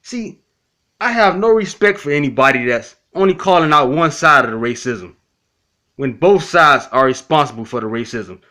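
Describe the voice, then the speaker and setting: A man's voice: fairly high pitch, animated, normal speed, pushed and bright. A man talking casually and bluntly to his critics in a response video, repeating himself and cursing freely. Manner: blunt, repetitive, profane, addresses critics directly. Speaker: YouTube commentator.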